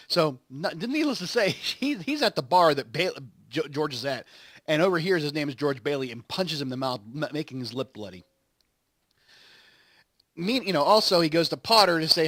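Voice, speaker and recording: A man's voice: a little high, animated, fairly quick, a bit bright, dry recording. A man hosting a gaming channel, casually and ramblingly retelling a story, quoting lines as he goes. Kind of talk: casual recap while playing a game.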